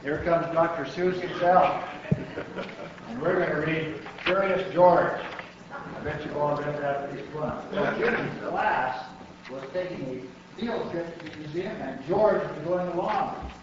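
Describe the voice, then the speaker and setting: A man's voice: fairly high pitch, a little slow, noisy background. Man reading a storybook to kids. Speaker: guest reader. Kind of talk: reading a children's picture book aloud. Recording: distant, dull, echoey room recording.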